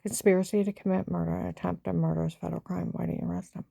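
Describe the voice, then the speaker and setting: A woman's voice: fairly low pitch, little pitch movement, fast talker, vocal fry, mellow, no echo. A woman giving an agitated, rambling personal account and acting out what other people said. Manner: agitated, rambling retelling that acts out others' lines.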